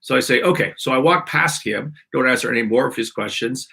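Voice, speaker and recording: A podcast host speaks a little fast in a medium-pitched voice that is gravelly, bright, forceful, and slightly rough. On his live stream he rambles through a complaint in exasperation, restarting, as his irritated throat keeps catching and needing to be cleared.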